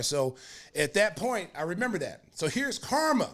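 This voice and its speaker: Male podcast host in his fifties, from Oklahoma, slightly raised pitch, lively rambling storyteller. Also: moderate pace. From Oklahoma, United States. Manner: animated, rambling storyteller with many fillers and restarts. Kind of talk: casual storytelling.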